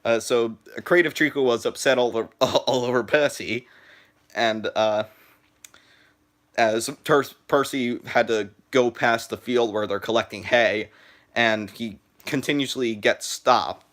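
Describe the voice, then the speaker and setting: A teenage boy live streaming from his phone, chatting in a halting way with lots of "uh" and "like" and restarted sentences. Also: mid-range voice, steady tone, a bit bright. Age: teens. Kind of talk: rambling live stream chat.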